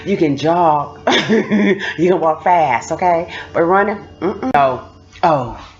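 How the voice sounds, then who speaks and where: A woman with a lowish voice that swings widely up and down tells stories in a loose, chatty vlog. She laughs often and acts out the people in her stories. The sound is dull and lo-fi. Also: expressive, slow pace. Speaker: vlogger recounting prison experience. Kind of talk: casual storytelling.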